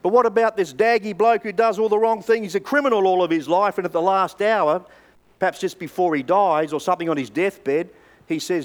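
A man's voice: sits high, brisk. An older Australian man preaching a sermon, telling stories in a conversational way with hesitant fillers. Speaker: pastor.

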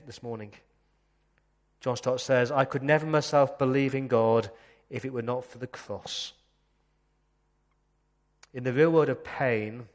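Earnest male pastor in a reverberant hall. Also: mid-range voice. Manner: earnest, slows down to read scripture. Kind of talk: sermon. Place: church.

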